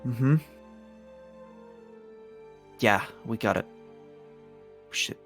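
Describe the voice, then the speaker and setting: A man playing a nervous young former camper, talking in halting, hesitant bursts with some swearing. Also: mid-range voice, faint music behind. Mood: resolute. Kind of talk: in-character tabletop role-play.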